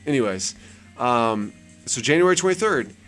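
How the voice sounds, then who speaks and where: In casual screen-share commentary, a channel host scrolls web pages, rambling and repeating words for emphasis. His medium-pitched, slightly bright voice has lively intonation and a moderate pace, with faint music behind.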